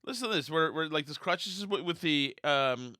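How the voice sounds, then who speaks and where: A man hosts a political podcast and rants in a blunt, scornful way, often restarting his sentences. His voice sits fairly high and has a bright, sharp edge. The sound is dry and close to the mic. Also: lively intonation, normal speed, dry recording. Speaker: podcast host.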